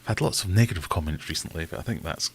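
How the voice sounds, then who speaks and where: Chatty man, lowish voice. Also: very fast, a little hiss or hum. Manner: self-deprecating, chatty, greets viewers by name. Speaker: host of a live stream. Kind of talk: casual live-stream chat.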